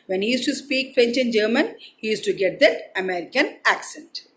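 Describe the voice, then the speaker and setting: A woman's voice: on the high side, expressive, normal speed, few pauses, fairly bright tone, slight background noise, poor audio. A young woman teaching a class, reading a story and retelling it in simple words. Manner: explains word meanings, retells each passage in simple words. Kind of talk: reading and explaining a textbook story.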